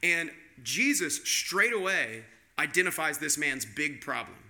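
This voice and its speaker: Bright-voiced male pastor preaching. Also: fairly high pitch, big pitch swings, unhurried. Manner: conversational preaching with rhetorical questions. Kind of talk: sermon.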